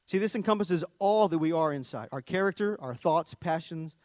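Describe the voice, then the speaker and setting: A man's voice: a little high, expressive, moderate pace, a little mellow, no room sound. A man preaching a sermon in a conversational teaching manner, often starting with "see" and restarting phrases as he explains word meanings.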